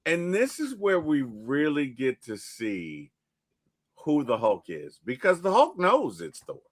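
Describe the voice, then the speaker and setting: A man hosting a casual movie recap, retelling scenes in an animated way and acting them out. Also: fairly high pitch, slow, no echo, clean studio sound. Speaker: podcast host.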